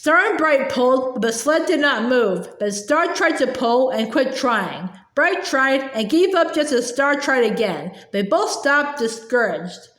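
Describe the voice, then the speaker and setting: A woman reading a children's novel aloud in a gentle storytelling manner, with small slips and restarts. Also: high-pitched, lively intonation, measured pace, few pauses. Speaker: audiobook reader. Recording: echoey room.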